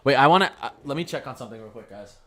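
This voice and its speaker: A man hosting a casual weather livestream, talking to his chat in an excitable, rambling way with lots of exclamations. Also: mid-range voice, racing.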